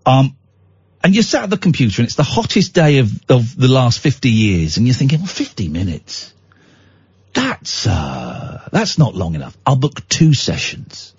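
A man on talk radio, rambling through a self-deprecating story with lots of restarts and a lively, swooping delivery. His voice is husky and a little high, and he sounds worn out. The studio sound is dry but dull and muffled. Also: dry recording. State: tired out. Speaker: radio show host.

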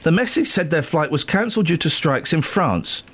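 A male radio host with a slightly high voice that swings widely in pitch as he spins jokey stories. He talks casually and animatedly, chatting on air with his co-host. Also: very animated, moderate pace, fairly bright tone, husky.

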